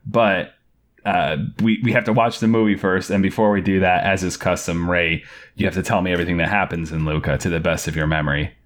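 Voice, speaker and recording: A man's voice: deep voice, steady tone, fairly quick. A man co-hosting a movie podcast, chatty and teasing in casual talk. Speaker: podcast co-host.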